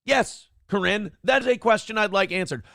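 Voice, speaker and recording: Male show host, high gravelly voice, sarcastic profane commentary. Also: moderate pace, pushed and bright, no echo, studio quality. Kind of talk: opinionated commentary over clips.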